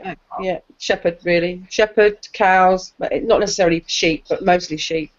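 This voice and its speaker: A woman's voice: on the low side, fairly even intonation, moderate pace. A well-spoken woman from London with a polished southern English accent, hosting a casual online debate chat in a blunt, outspoken way. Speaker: debate host. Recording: dull lo-fi audio.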